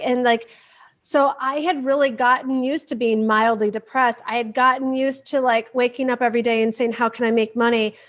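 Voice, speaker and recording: A woman from Michigan, a podcast guest telling her own story with lively energy and acting out her inner voices. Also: high voice. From Michigan, USA. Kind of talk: animated personal storytelling.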